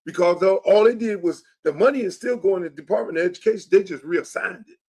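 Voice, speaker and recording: A man's voice: sits high, fast talker, a little mellow, slightly rough. A man hosting his own show and talking about his run for office in an emphatic, blunt, profane and repetitive way. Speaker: show host and political candidate. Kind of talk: casual political monologue.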